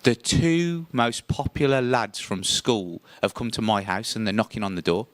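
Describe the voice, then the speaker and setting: A man telling a first-person story on stage, lively and theatrical, his voice rising sharply when he acts out tense moments. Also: fairly low pitch, normal speed, few pauses, no echo. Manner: animated, voice jumps up when acting out scenes.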